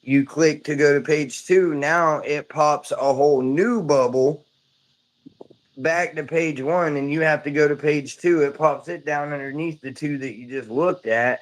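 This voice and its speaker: A man streaming live from home, chatting casually in a loose, rambling way, swearing offhand and calling everyone "dude". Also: fairly high pitch.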